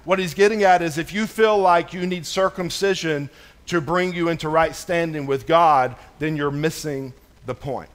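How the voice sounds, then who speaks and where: High-voiced man preaching casually, with many fillers. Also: moderate pace. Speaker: pastor. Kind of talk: sermon. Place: church.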